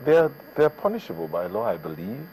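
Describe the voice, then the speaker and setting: A man's voice: medium pitch, brisk, slight background noise, poor audio. A man co-hosting a TV talk show, chiming in with brief interjections and asides. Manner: brief interjections, lively intonation. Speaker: co-host.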